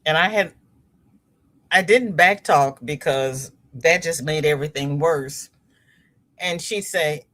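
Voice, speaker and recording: Speaking slowly with frequent pauses in a low voice, a middle-aged woman hosts a casual crochet livestream. She tells stories with animation, laughs often, and chats through viewer comments.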